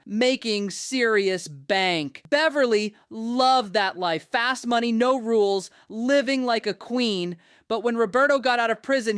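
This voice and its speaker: A woman's voice: sits high, fairly bright tone, no room sound, studio quality. A woman narrating a true crime story in a flippant, wisecracking scripted style.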